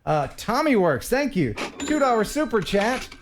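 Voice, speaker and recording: A man's voice: high voice, sing-song, moderate pace, noisy background. A man hosting a casual live stream who laughs often and reads viewer messages aloud. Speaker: host.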